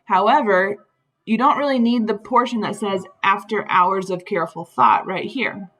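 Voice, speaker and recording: A woman's voice: medium pitch, normal speed, fairly bright tone, poor audio. A woman teacher talking through grammar slides in a patient, explanatory way, with frequent ums. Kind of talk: recorded slide lesson.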